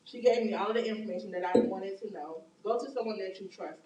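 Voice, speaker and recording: A woman who works at a hospital, giving brisk, matter-of-fact health advice in a casual talk. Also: mid-range voice, dark tone, muffled recording. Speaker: hospital worker and co-host. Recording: roomy, distant mic with faint noise.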